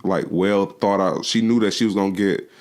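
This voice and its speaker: A man's voice: sits low, steady tone, moderate pace, a little mellow. A man co-hosting a podcast, talking in laid-back, slangy banter full of profanity. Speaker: podcast co-host. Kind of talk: casual chat.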